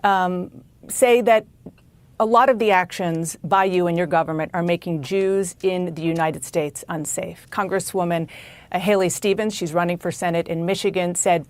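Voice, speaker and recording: A woman's voice: lowish voice, fairly even intonation, normal speed, no room sound. A woman TV news interviewer presses her guest with firm questions.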